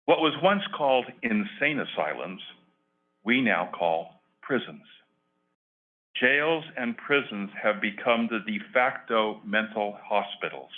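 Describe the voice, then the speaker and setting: A retired older man giving an earnest prepared public comment at a county board meeting, reading with emphatic pauses. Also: fairly low pitch, expressive. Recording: phone-like lo-fi meeting audio.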